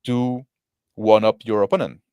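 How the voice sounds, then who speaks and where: A man's voice: fairly low pitch, fairly even intonation, moderate pace, darkish tone, clean tone, no room sound. A man giving casual commentary on a video, rambling with lots of fillers and tag questions. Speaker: co-host reacting to a video.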